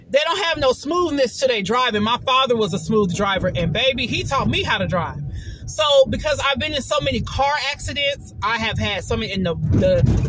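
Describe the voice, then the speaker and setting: A woman tells a personal story to her camera in a loose, chatty vlog style, calling her viewers "baby" as she goes. Her voice is bright and forceful, and she shifts into other voices when she quotes people. A faint background noise sits under the recording. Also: fairly high pitch, low-quality recording. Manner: chatty and expressive, says "baby" often, laughs while telling. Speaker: vlogger.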